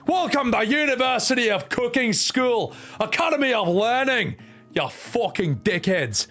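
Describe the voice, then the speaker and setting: A tiny, fluffy male dog professor who barks commands in a shrill, high, yappy voice with a Scottish accent. His pitch leaps all over the place as he yells insults and woofs at the class in a game voiceover. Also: expressive, measured pace, soft background music, full character voice. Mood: bossy yapping. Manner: barking, shouting, crude tough-love teacher. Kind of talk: voice-acting a visual novel playthrough.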